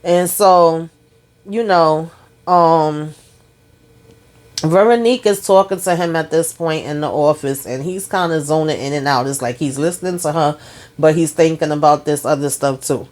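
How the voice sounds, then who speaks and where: A woman's voice: low-pitched, normal speed, a little mellow. A woman casually recapping a TV episode in a chatty, colloquial way. She keeps checking in with "okay?" and "y'all" and acts out the characters' lines as she goes. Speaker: TV recap vlogger.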